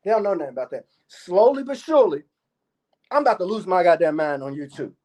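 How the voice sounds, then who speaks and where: Speaking rapid-fire and animated, this man has a fairly high voice with a darkish tone. As a YouTube commentator, he brags to his viewers in a profane monologue, cursing often and saying the same things over and over.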